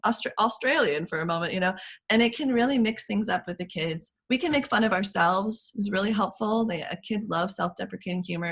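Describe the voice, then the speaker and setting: A woman parenting coach talking casually on a video call, with frequent fillers and light laughs. She acts out children's voices in a sing-song way. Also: mid-range voice. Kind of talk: casual explanatory talk as interview guest.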